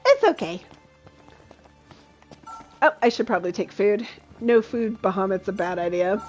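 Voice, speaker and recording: A woman's voice: mid-range voice, lively intonation, unhurried, faint music behind. A woman streaming a video game with casual, playful commentary, laughing often.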